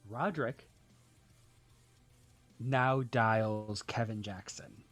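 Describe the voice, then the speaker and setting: A man's voice: lowish voice, fairly even intonation, very slow, fairly bright tone, soft background music. A man playing in a tabletop game, describing his character's moves plainly. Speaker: player. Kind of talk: tabletop role-play.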